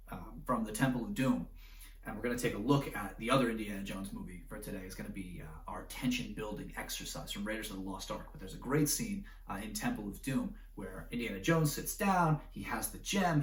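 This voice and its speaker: A man teaching a class, lively and animated, acting out little scenes and checking in with "right?" all the time. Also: lowish voice, a little hiss or hum. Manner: animated, acts out scenarios with voices, keeps asking "right?". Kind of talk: classroom lecture. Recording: roomy echo, mic at a distance.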